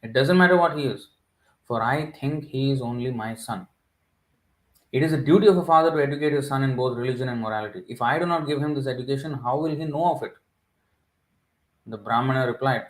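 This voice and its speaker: A man's voice: medium pitch, fast talker, echoey room, rough recording. A man giving a devotional scripture class, reading and explaining in a reflective way, hesitant with many fillers. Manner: reflective, hesitant with many fillers, laughs at his own points.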